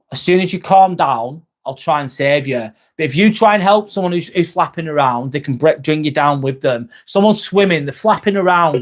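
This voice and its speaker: Guy on a live stream, slightly high voice, earnest, keeps repeating himself, calls folks mate. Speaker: live-stream host reading viewer comments. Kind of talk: casual live-stream chat.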